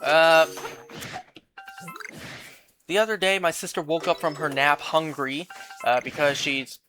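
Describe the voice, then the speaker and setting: A woman's voice: low voice, steady tone, measured pace, over music. A woman streaming a game and chatting casually, venting in an exasperated way and swearing freely. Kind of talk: casual chat while gaming.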